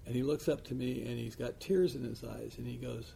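A man with a gravelly, creaky voice speaks as a recovery sponsor in loose, rambling chat. He talks bluntly, with plenty of fillers and asides. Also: mid-range voice, normal speed, hardly any pauses, warm tone, slight background noise. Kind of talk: casual chat.

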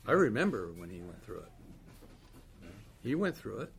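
Gravelly guy telling his recovery story straight, wry and candid, faint room hiss. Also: lowish voice, big pitch swings, normal speed. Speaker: recovery meeting speaker. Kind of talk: personal recovery share.

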